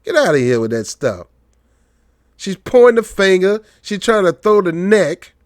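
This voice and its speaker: A man's voice: sits high, a little slow, dry recording, studio quality. A man giving casual political commentary on his own channel, joking and mocking as he tells stories. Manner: joking, mocking, animated storytelling.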